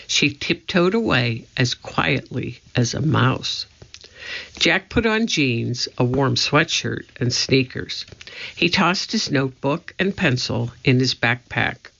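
Storybook reader: man, slow and gravelly, dull lo-fi recording. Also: medium pitch, expressive, bright, forceful tone. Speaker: narrator. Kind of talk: reading a children's book aloud.

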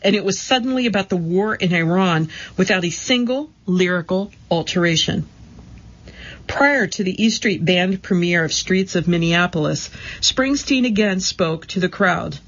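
A woman giving a steady, measured scripted narration of magazine articles. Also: lowish voice, lo-fi sound.

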